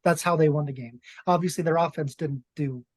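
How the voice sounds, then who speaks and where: A man's voice: a little high, brisk, no room sound. Male host moderating sports chat, dry close sound. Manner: moderating, introducing topics. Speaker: podcast host. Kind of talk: casual sports discussion.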